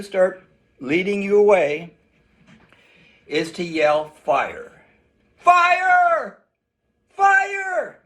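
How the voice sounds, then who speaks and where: A man teaching a children's self-defense lesson in an animated way, acting out shouts for the kids. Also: high-pitched.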